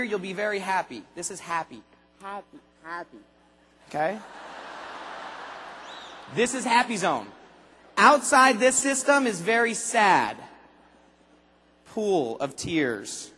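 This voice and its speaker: A man giving an energetic convention speech, firing punchy questions at the audience and sometimes bursting into shouts. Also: sits high, breathy edge. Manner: rapid-fire questions to the audience, punchy and emphatic. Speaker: motivational speaker at a sales convention. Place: large convention hall. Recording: long hall reverb.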